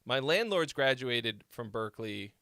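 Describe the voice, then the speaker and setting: Chill young guy host cussing through a story, crisp smooth voice, dry close mic. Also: medium pitch, big pitch swings, a little slow, sharp tone, no room sound. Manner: laid-back storytelling, heavy swearing. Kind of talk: casual livestream chat.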